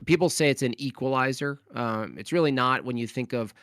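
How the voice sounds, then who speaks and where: A man in a casual debate, talking with many fillers, pauses and restarts. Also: medium pitch, a bit bright, dry recording. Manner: hesitant, lots of fillers and restarts.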